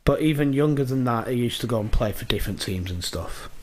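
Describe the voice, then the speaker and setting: A young man, co-hosting a podcast and telling sweary, animated stories in casual chat. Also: medium pitch, quick pace, a little hiss or hum. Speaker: podcast co-host.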